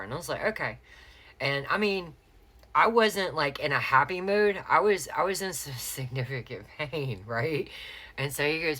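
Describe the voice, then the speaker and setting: A woman's voice: low-pitched, expressive, moderate pace, sharp tone. A middle-aged woman, chatting candidly to her viewers and calling them y'all as she tells a story. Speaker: planner sticker vlogger.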